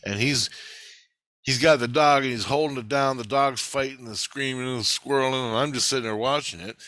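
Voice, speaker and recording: A man's voice: mid-range voice, fairly quick, pushed and bright, dry recording. A man telling a long, rambling story in casual, blunt talk full of swearing. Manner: blunt, profane, loose. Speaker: vlogger recounting a dream.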